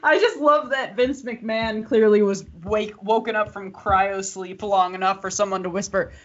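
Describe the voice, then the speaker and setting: A woman's voice: mid-range voice, fairly even intonation, moderate pace, fairly bright tone. A woman making sardonic, mocking comments in casual podcast banter. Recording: dull lo-fi sound.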